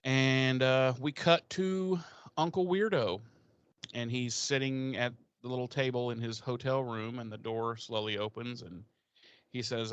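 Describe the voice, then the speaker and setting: A man co-hosting a podcast, retelling an episode in casual, profane, animated chat. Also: medium pitch, unhurried, clean tone, no echo, muffled recording. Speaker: podcast co-host.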